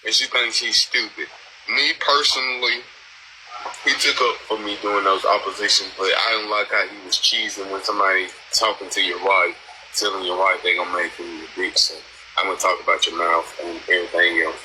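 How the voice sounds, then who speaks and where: A man's voice: low voice, steady tone, a little fast, noisy background. A man hosting a live stream panel, talking in a blunt, rambling, profane casual chat.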